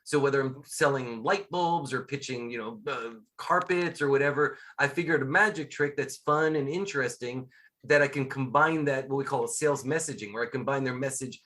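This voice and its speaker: A middle-aged man, a guest scuba instructor and magician, chatting casually in an interview and telling lively stories, acting out quotes as he goes. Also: mid-range voice, brisk. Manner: lively storyteller, acts out quotes.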